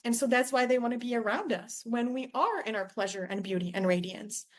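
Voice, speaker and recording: A young woman with a voice that's a little high speaks fairly quickly as she hosts her podcast. She relates a personal story effusively, sprinkling in lots of "like" and acting out quoted dialogue.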